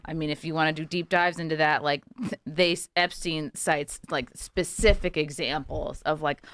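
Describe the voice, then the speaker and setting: Female podcast co-host, low and smooth, dry studio, blunt with wry asides. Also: a bit bright, no room sound. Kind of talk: casual panel discussion.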